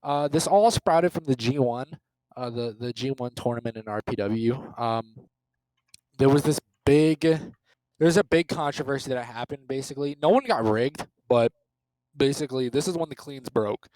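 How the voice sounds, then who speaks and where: A man's voice: mid-range voice, moderate pace, darkish tone, dry recording, low-quality recording. A young man chatting casually as a podcast guest, rambling and easily sidetracked. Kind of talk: casual chat.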